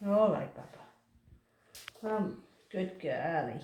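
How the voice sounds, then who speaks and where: A woman, a cat groomer, soothing the cat in gentle cooing words and explaining her work as she goes. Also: mid-range voice, slow pace, a little hiss or hum. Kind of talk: talking through a grooming session. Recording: roomy echoey grooming room.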